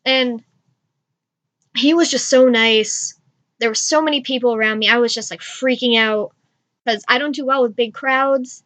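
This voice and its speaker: A woman's voice: on the high side, fairly even intonation, moderate pace, fairly bright tone. A young woman vlogger telling a story to camera in a gushing, rambling way, full of "like". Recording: dull lo-fi home recording.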